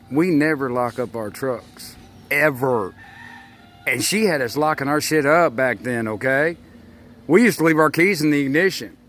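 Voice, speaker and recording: A man's voice: mid-range voice, a bit bright. Rambling, impassioned man talking to camera. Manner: rambling, impassioned, addresses listeners directly. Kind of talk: rambling emotional monologue.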